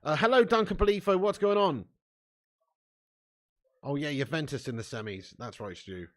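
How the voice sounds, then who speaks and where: Man, bright forward voice, casual sweary chat, live football watch-along host, reads chat aloud. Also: on the high side, expressive, moderate pace. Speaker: fan channel host.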